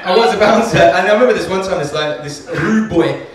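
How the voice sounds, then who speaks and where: A man's voice: high voice, brisk, noisy background. A man doing a stand-up comedy set, rambling, self-deprecating and sweary. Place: comedy club stage. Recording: echoey club, recorded from far off.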